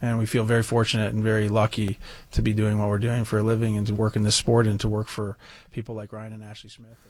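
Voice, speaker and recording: A man speaking as a hockey team's president at a press conference, in an earnest, measured way. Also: fairly low pitch, completely flat delivery, darkish tone.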